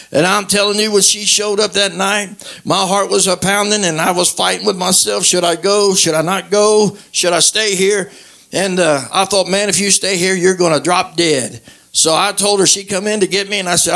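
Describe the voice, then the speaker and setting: A man's voice: high-pitched, vocal fry, bright, forceful tone. A man giving his personal testimony as a plainspoken story. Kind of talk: recorded spoken testimony.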